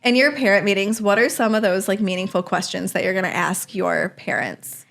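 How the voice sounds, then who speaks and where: A woman co-hosting a casual podcast about her work as a behavior analyst, agreeable and quick to affirm her partner. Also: mid-range voice, gravelly, fairly bright tone. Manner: agreeable, affirming, quick back-channel replies. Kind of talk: casual conversational podcast chat.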